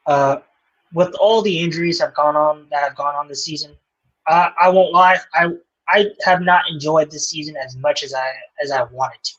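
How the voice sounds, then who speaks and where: A man's voice: a little high, moderate pace, a bit bright, lo-fi sound. A man co-hosting a basketball watch party, giving blunt opinions and short replies in casual chat. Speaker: co-host of a sports watch party.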